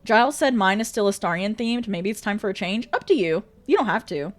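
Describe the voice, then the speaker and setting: Woman streamer, casual chat, pitch swinging high and low, exclamatory and sweary, faint music playing behind. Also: brisk. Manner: animated and exclamatory, swears freely, laughs often. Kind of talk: casual chat reading out viewer messages.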